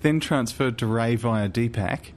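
A man's voice: mid-range voice, a little slow, heavy background noise. A man co-hosting a comedy podcast, improvising gags and laughing. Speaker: podcast co-host. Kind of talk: casual comedic chat.

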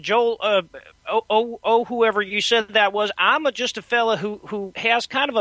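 A man's voice: high voice, steady tone, normal speed, bright, forceful tone. A man voicing a smug, wealthy middle-aged televangelist with a drawling, hesitant, folksy way of talking.

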